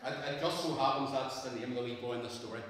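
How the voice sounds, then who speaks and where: A man's voice: medium pitch, racing. Man, family church storytelling, questions the crowd, distant mic, roomy echo. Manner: lively, asks the congregation questions. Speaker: minister telling a children's story. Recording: echoey church from far off.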